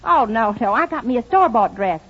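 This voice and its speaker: A woman's voice: fairly high pitch, animated, brisk. An actress playing a naive, earnest hillbilly country girl with an Ozark accent, talking in folksy broken grammar, in a 1940s film comedy. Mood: eager. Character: naive brash hillbilly country girl turned amateur spy-catcher. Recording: dull old film soundtrack with hiss.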